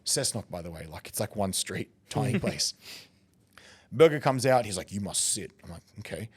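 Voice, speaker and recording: A man with an Australian accent, a podcast guest telling a story in casual chat, lively and quick to laugh. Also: lowish voice, husky. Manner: animated, laughing, acts out quoted voices. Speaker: podcast guest, competitive eater.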